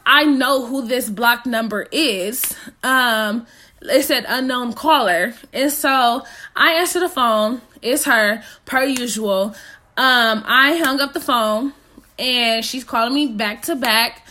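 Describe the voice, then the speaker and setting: A young adult woman telling a personal story in casual, slangy chat, leaning heavily on "like.". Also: a little high. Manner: animated, slangy, heavy on "like".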